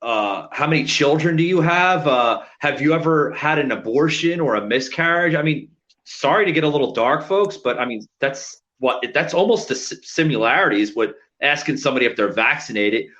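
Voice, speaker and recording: A man's voice: on the high side, expressive, moderate pace, a bit bright. Emphatic male co-host, lo-fi sound. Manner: profane, emphatic, filler-heavy. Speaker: podcast co-host. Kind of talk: casual heated chat. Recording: dull lo-fi sound.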